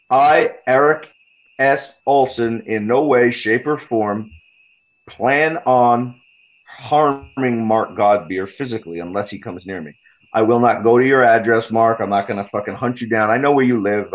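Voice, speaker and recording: A man's voice: medium pitch, moderate pace, dull audio. A man, a guest fighter on a podcast interview, talking in a profane, confrontational and boastful way. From United States.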